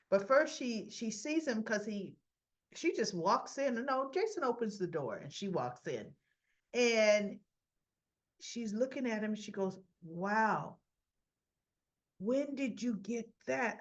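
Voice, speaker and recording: A woman's voice: medium pitch, muffled recording. A woman chatting through a casual soap opera episode recap, acting out the characters' lines as she goes.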